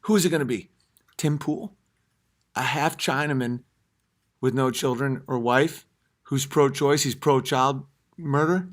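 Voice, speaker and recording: A man hosting a podcast from his home at night, ranting and swearing heavily, swinging between yelling and low muttering. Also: fairly even intonation, measured pace, long pauses. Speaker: podcast host. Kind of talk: comedic rant.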